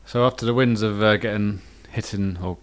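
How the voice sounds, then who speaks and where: A man's voice: lowish voice, fairly even intonation, moderate pace, clean tone. A man co-hosting a podcast in casual chat, rambling and correcting himself as he goes. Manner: rambling, self-correcting, chatty. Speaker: podcast co-host.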